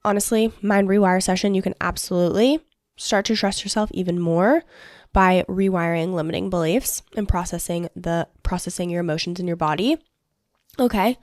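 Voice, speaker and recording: A woman's voice: on the low side, normal speed, a little mellow, dry recording, clean studio sound. A young adult woman hosting a self-help podcast, talking casually and upbeat, often checking in with "okay?". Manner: chatty, upbeat, frequent "like" and "okay?". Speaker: podcast host.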